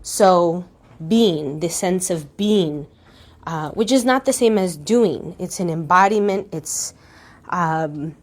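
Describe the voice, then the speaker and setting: Slow, musing woman podcast host. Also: lowish voice. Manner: slow, musing, asks the listener gentle questions. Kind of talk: reflective guided monologue.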